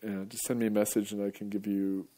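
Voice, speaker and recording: A man's voice: lowish voice, level tone, fast, mellow. A male radio host talking in a casual, rambling monologue, wandering off topic and chuckling often.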